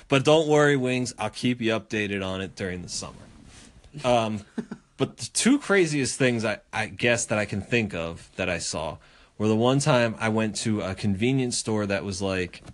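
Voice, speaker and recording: A podcast host tells a story in casual chat, animated and profane, doing voices for the people in it. His voice is lowish and he talks at a normal speed.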